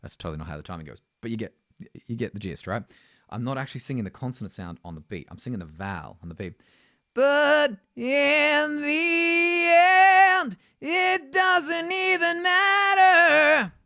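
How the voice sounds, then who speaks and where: A man's voice: low-pitched, lively intonation, racing, no room sound, clean studio sound. A man teaching singing, explaining technique and often checking in with "right?". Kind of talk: vocal lesson.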